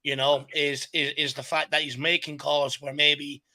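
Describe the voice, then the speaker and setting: A man's voice: a little high, little pitch movement, normal speed, pushed and bright, no room sound. An Irish man hosting a casual football chat, earnest and repeating words as he builds his points. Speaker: host.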